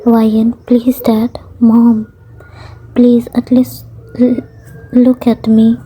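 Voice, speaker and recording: A woman's voice: fairly high pitch, flat delivery, slow pace, dark tone, husky, rough recording. A woman voicing a desperate young mother who pleads and begs through tears in a storybook reading. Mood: pleading. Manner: tearful, pleading.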